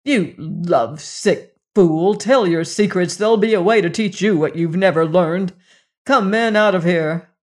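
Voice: medium pitch, sing-song, slow, darkish tone. A narrator voicing a hostile, blustering elder who snarls threats in a western audiobook story. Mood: snarling. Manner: snarling, hot-tempered.

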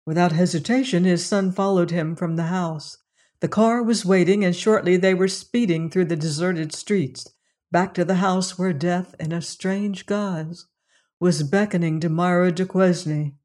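Measured audiobook narrator. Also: medium pitch, fairly even intonation, darkish tone. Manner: measured, dramatic storytelling. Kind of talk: scripted narration.

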